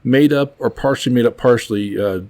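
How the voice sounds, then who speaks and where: A man's voice: mid-range voice, brisk, darkish tone, dry recording. A man hosting a podcast in an upbeat, chatty way, joking about himself as he introduces the show. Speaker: podcast host.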